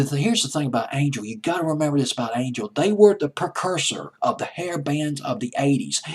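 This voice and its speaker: A man's voice: mid-range voice, slightly rough. A man hosting a countdown of old playlist songs, chatting in a rambling way and correcting himself as he goes. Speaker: music countdown host. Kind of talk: casual spoken countdown commentary.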